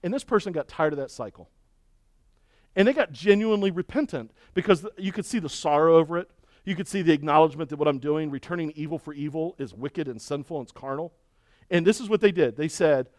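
Guy pastor preaching, folksy and emphatic, kinda high voice, dry no-room sound. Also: quick pace, a little mellow, no echo. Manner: emphatic and folksy, with rhetorical questions and repetition. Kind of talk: sermon.

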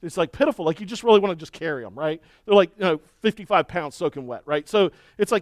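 A middle-aged man preaching a sermon and telling a story with lively, acted-out shouting and cheering. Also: fairly high pitch, fast, hardly any pauses, no echo, clean studio sound. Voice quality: balding. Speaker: pastor.

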